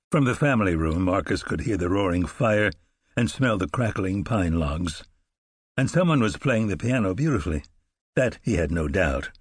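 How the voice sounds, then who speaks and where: A man narrating an audiobook in a measured, unhurried storytelling manner. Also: fairly low pitch, a little mellow, husky, no echo, clean studio sound.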